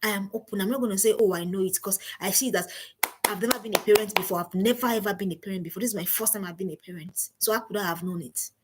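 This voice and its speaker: A woman's voice: mid-range voice, quick pace, very noisy. A middle-aged woman gives an emphatic live-stream parenting talk, repeating her key phrases. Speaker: parenting coach. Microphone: home streaming setup.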